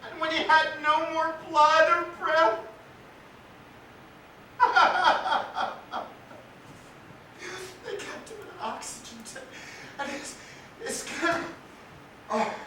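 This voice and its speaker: An actor playing a grief-stricken young man, high and echoing. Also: background noise. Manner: halting, broken repetitions swelling into shouting. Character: grief-stricken young man mourning his little brother. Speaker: stage actor. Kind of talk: stage drama monologue. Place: theatre stage. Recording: echoey theatre from far off.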